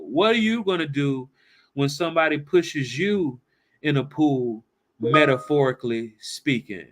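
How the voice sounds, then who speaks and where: A man's voice: on the high side, a bit bright. Conversational man telling a story. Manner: conversational, asks rhetorical questions with "right?". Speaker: financial planning speaker. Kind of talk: storytelling talk to camera.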